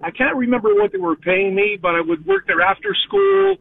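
Guy from montreal calling in, high animated voice, thin phone sound. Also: brisk, creaky, slight background noise. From Montreal area. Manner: cheerful storyteller, stammering. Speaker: caller. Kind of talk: call-in chat. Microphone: telephone. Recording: tinny phone line.

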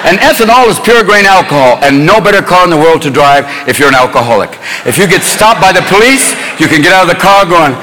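A man doing stand-up comedy on a live stage, manic and rapid-fire, jumping into many voices. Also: sits high, lively intonation, big-room sound. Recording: noisy live show with a loud crowd.

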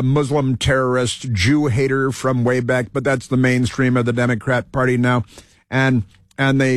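Rambling talk show host, dry close mic. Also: male voice, mid-range voice, no room sound. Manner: rambling, halting, many fillers and restarts. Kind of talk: rambling opinion monologue.

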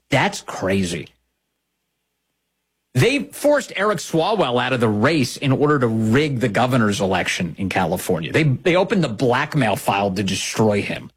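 Male talk host, husky voice, lively swooping pitch, sarcastic and mocking, opinionated commentary. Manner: sarcastic, mocking, swings pitch widely for emphasis. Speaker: political talk show host.

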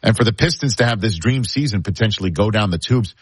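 A man with a New York accent hosts a sports talk show, his voice low and a little husky, swinging widely up and down as he argues. He repeats his points for emphasis, close and dry on the mic. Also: expressive, fast talker, no room sound. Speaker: sports radio host. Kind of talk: casual sports talk debate.

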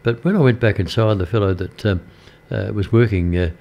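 Older aussie bloke on local radio, lowish voice, chatty and halting, studio mic. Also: male voice, creaky, lo-fi sound. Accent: Australian. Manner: rambling and hesitant, many uhs. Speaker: radio presenter. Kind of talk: casual radio chat.

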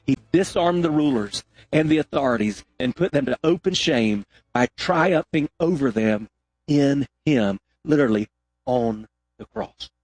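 A man preaching a sermon as pastor, dropping low and quiet and then rising to high, loud peaks. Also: animated, measured pace, dry recording.

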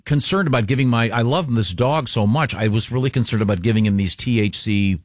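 A man's voice: medium pitch, fairly quick, no room sound, studio quality. A man hosting a casual group talk show, rambling and self-mocking with many restarts.

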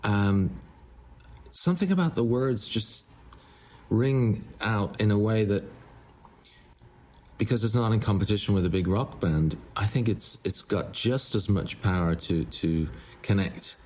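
A man, a musician, telling a story in an interview, halting and repeating words as he goes. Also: fairly low pitch, a little mellow. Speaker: musician guest.

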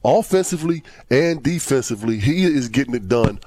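A man co-hosting a sports talk show, incredulous, with stammering restarts and sharp rises when he stresses a point. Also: medium pitch, lively intonation, brisk, dry recording. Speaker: podcast co-host.

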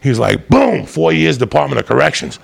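A man doing profane stand-up, telling a story in a loud, brash, rambunctious way and swearing constantly. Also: mid-range voice, very animated, fairly quick, vocal fry, husky. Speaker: stand-up comedian.

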